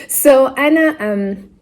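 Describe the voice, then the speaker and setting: A woman from Africa giving a casual, animated book review, with laughing asides, mock outrage and characters' lines acted out in quick asides. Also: high-pitched.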